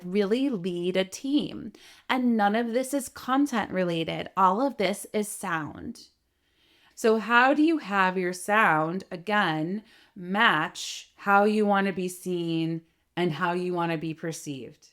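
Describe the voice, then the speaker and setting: Middle-aged woman voice coach, lively talk to camera, keeps asking "right?". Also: medium pitch, slow. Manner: animated, demonstrates vocal changes, frequent "right?".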